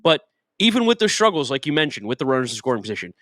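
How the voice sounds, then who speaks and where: A young man, co-hosting a podcast and reacting with animated emphasis. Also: mid-range voice, very fast, no echo. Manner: animated, swings between emphatic and dry. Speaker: podcast co-host. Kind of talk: casual sports talk.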